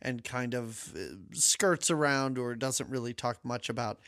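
A man co-hosting a podcast, chatting casually about a film with lively, jokey asides. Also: medium pitch. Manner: animated, jokey, quick asides. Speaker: podcast co-host. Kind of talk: casual movie recap chat.

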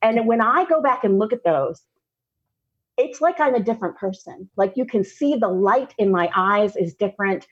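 A woman, a podcast guest telling a personal story candidly, laughing often and slowing down for emphasis. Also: medium pitch, lively intonation, breathy edge, dull audio.

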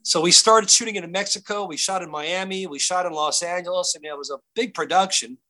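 Male actor guest, slightly high voice, bright tone, lively anecdotes full of restarts. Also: a little fast. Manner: animated, many restarts and fillers. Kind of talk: casual interview storytelling.

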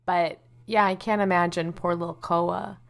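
A woman's voice: lowish voice, fairly even intonation, normal speed, gravelly. Woman podcast co-host; irreverent, swears a lot, laughs easily, casual banter. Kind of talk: casual chat.

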